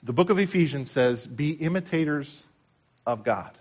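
A male pastor delivering a sermon in a slightly raised voice. He preaches with passion, rising to loud declarations and dropping to near-hushed lines. He repeats key phrases for emphasis. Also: on the high side, expressive, normal speed. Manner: impassioned preaching with big swings from loud to hushed.

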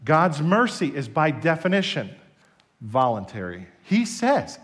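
A man pastor preaching a sermon, telling stories in an animated, emphatic way. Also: on the high side, unhurried.

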